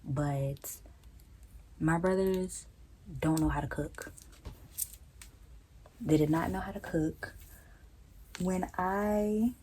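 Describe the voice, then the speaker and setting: A young woman telling a story to her vlog audience in a blunt, profane, animated way, sometimes jumping to high incredulous tones. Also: very slow, long pauses, slight background noise, rough recording. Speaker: vlogger. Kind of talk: casual storytelling rant.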